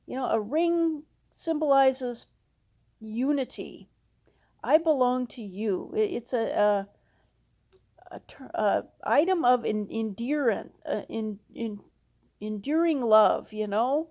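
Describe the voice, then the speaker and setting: Speaking slowly in a high, mellow voice with lively intonation, a Minnesota woman pastor retells a parable during her sermon. Her folksy delivery includes acted-out characters and casual asides.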